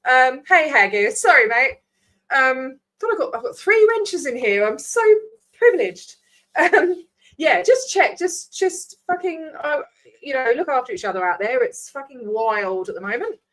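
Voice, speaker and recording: A woman's voice: sits high, very animated, normal speed, a bit bright. A woman, rambling casually as she signs off her livestream, swearing freely. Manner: chatty, scattered, swears freely. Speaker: vlogger host.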